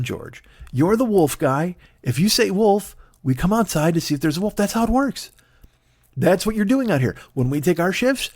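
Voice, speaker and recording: A man's voice: high-pitched, darkish tone, no echo, studio quality, voice pushed up, full character voice. A man voicing a family of grown brothers, indignant and over-explaining things to their prankster sibling.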